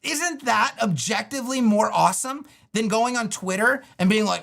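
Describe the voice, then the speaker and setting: A man's voice: very high-pitched, moderate pace, vocal fry. A middle-aged man teaching web design on a livestream, ranting with sarcasm and the odd swear, then walking through a screen demo. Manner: animated and ranting, with sarcastic put-on voices and profanity.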